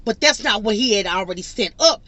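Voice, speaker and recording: Bright-voiced young woman telling a story. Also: medium pitch, a little fast, no room sound, muffled recording. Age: young adult. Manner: animated, laughing storyteller. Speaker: vlogger. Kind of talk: storytime vlog.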